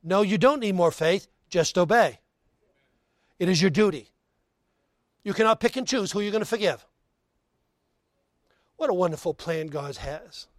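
A male pastor preaching a sermon and leading a closing prayer and altar call, swinging between loud emphasis and hushed tones, with folksy asides between scripture readings. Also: high-pitched, animated, moderate pace, pauses often, dry recording.

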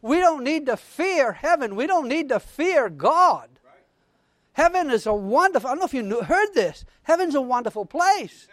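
A man preaching a sermon as pastor, fervent and calling out to his congregation, reading scripture with rising excitement. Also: very high-pitched, normal speed, dry recording.

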